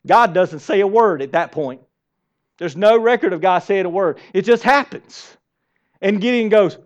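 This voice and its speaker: A man preaching a sermon to a church congregation, lively and asking them direct questions. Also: sits high, moderate pace. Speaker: pastor. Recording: dull lo-fi sermon recording.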